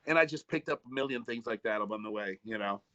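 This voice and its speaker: A man's voice: medium pitch, fast talker, poor audio. A man, a recording engineer, telling studio stories in a casual video-call chat, swearing freely and acting out quotes. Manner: animated storyteller, swears freely, acts out quotes. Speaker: recording engineer and producer guest.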